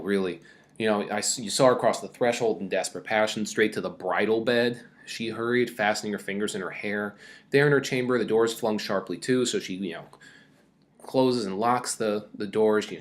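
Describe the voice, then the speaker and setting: A man teaching a casual recorded mini-lecture, talking loosely with many fillers and reading quoted passages aloud with more energy. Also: fairly low pitch.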